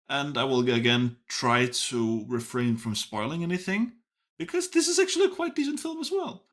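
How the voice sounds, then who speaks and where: A man's voice: medium pitch, fairly bright tone. A man giving a casual spoken film review, stopping often to restart and correct himself. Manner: hesitant, frequent restarts and self-corrections. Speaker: movie reviewer.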